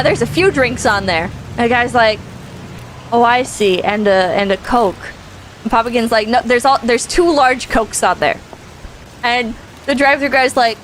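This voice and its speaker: A woman casually telling a long story on a stream, animated, laughing often and swearing freely. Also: sits high, slight background noise, poor audio.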